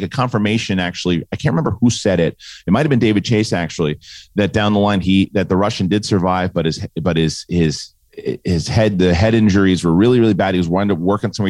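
A man co-hosting a podcast, chatting casually with a low voice. He is animated and acts out the lines he quotes. The sound is dry and close. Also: no room sound. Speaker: podcast co-host. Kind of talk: casual review chat.

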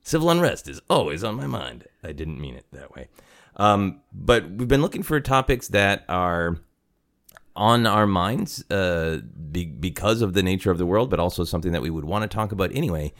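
Speaking casually from his home apartment, a podcast host rambles, jokes at his own expense, and laughs a lot. He has a deep, slightly bright voice with lively intonation and a moderate pace.

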